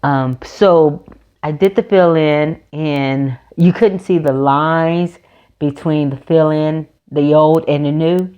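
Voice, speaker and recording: A woman's voice: deep voice, steady tone, slow, smooth, dull audio. A woman chatting casually in a nail vlog, rambling through a story with restarts and self-corrections. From North Carolina, USA. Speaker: nail vlogger. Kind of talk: casual chat. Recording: background guitar music.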